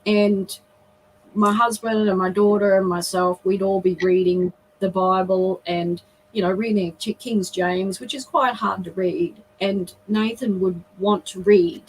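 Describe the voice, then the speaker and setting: A woman's voice: mid-range voice, steady tone, a little slow, a little hiss or hum, rough recording. A middle-aged woman, a guest on a video call, earnestly telling a personal story with emotion and frequent restarts.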